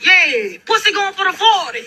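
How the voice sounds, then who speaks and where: A man putting on a high, mocking voice of a brash, crude woman, drawling and sassy. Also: very animated, normal speed, pushed and bright, exaggerated voice.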